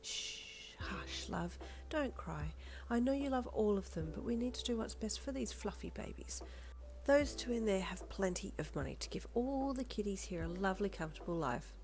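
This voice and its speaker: A woman voicing a gentle, caring older woman who soothes in a soft, half-whispered voice. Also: mid-range voice, expressive, moderate pace, soft background music, voice pushed up, close to an everyday voice. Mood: gentle, soothing.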